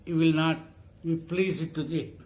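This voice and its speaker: A man preaching a sermon, reading scripture and repeating phrases slowly for emphasis. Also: fairly high pitch, steady tone, a little mellow.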